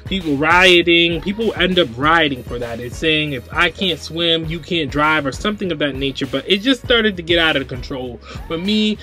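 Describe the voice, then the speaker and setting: A man's voice: fairly high pitch, bright, forceful tone. A young man hosting his own vlog, ranting casually to camera, agitated and rambling, often repeating himself. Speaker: vlogger host.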